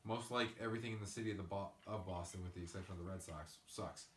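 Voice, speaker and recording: Male podcast host, deep-ish voice, profane ranter, roomy off-mic sound. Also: fast talker, distant mic, slight background noise. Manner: ranting, profane, animated storytelling. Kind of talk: casual podcast chat. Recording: echoey room, away from the mic.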